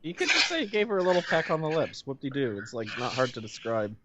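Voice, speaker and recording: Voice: medium pitch, wildly swooping pitch, fast. Co-host cracking dry jokes about a fanfic, muffled lo-fi mic with a bit of hiss. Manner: wry, amused commentary. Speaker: podcast co-host. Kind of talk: casual chat. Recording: dull lo-fi mic with faint noise.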